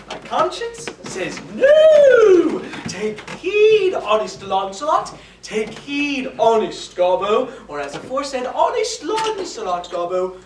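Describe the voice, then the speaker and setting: A mischievous young male servant clowns through his lines, as a woman acts him out, his pitch leaping high and low. The delivery is unhurried. It echoes in a hall, caught from a far camera. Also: background noise, full character voice. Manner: clowning, mischievous, shifting between mock voices. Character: young comic male servant torn between urges. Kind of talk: stage acting of classic verse drama.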